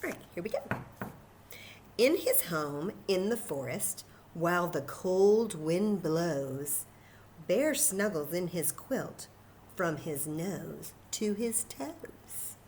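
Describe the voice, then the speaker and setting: A woman librarian reading a picture book aloud at children's story time, animated and enthusiastic, talking to the kids. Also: fairly low pitch, slow pace, slight background noise.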